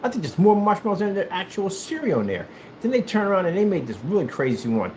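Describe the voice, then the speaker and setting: A man from the United States chatting casually while he plays, telling rambling, animated stories in a hyperactive way. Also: high voice, quick pace, slight background noise. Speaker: gaming streamer. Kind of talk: casual chat while playing.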